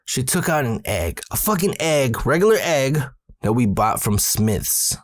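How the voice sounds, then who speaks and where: A man's voice: mid-range voice, big pitch swings, unhurried. A man in his forties, a podcast host, casually retelling a personal ghost story with plenty of swearing. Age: 40s.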